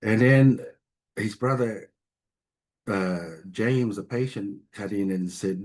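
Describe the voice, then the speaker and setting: Husky-voiced doctor telling stories. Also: male voice, fairly low pitch, slow, pauses often. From Tonga. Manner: warm, jokey storyteller with frequent restarts. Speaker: family doctor. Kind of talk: storytelling interview talk.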